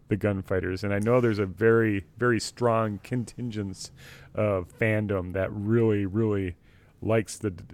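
A man co-hosting a casual fan podcast, thoughtful and quick to laugh. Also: on the low side. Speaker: podcast co-host.

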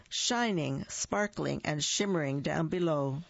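A storyteller reads a picture book aloud at an unhurried pace, acting out the sound words with expression. The voice has a gravelly edge. The recording is dull, lo-fi and dry. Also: medium pitch, dry recording.

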